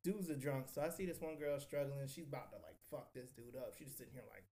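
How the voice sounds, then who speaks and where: A man's voice: medium pitch, quick pace, dark tone. A man co-hosting a podcast, telling a story in laid-back, slangy casual talk. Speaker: podcast co-host.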